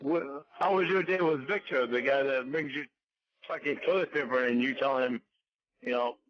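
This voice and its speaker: A man's voice: mid-range voice, moderate pace, no echo. A drunk man on a phone call, stammering and repeating himself as he throws out angry accusations. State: drunk, slurring. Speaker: prank call target.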